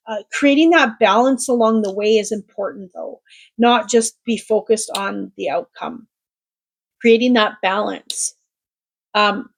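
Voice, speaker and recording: Reassuring woman reading tarot. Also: a little high. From Canada. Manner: gentle, reassuring, with many fillers and restarts. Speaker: tarot reader. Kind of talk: intuitive tarot reading to camera.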